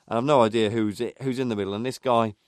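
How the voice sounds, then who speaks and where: A man co-hosting a casual football podcast, chatty and halting with many restarts. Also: medium pitch, fairly even intonation, no room sound, studio quality. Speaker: podcast co-host.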